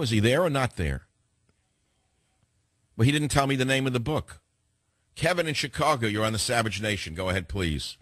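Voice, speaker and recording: This San Francisco, USA talk radio host is a man with a mid-range, fairly low, fairly bright voice, opinionated and quick to argue hard and interrupt his callers. The sound is dry and close, with no room sound.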